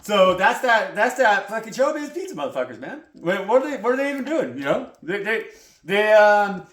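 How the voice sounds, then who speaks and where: A man's voice: sits high, big pitch swings, normal speed, a bit bright. A man giving a casual, rambling tarot reading, heated and full of swearing. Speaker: tarot reader. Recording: roomy echo.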